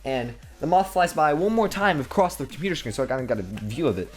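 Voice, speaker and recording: A man's voice: medium pitch, expressive, fast talker. Profane rambling young man telling a story. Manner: profane, rambling, with many restarts and crude asides. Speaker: comedic storyteller. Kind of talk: rambling comedic anecdote.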